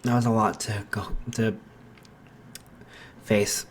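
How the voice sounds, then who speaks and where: A gentle, shy teenage boy, voiced by a man reading a fan story. He speaks softly and hesitantly. The pacing is slow. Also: fairly low pitch, level tone, a little hiss or hum, voice pushed down.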